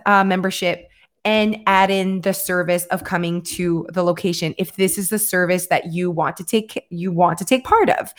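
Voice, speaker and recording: A woman co-hosting a casual livestream, talking in a chatty way with lots of fillers and restarts. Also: mid-range voice. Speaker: co-host of a livestream.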